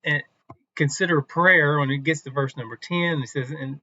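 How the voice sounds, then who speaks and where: A man gives a relaxed, conversational devotional talk teaching from the Bible, taking his time and restarting now and then. His voice sits a little high, and the muffled recording has no echo.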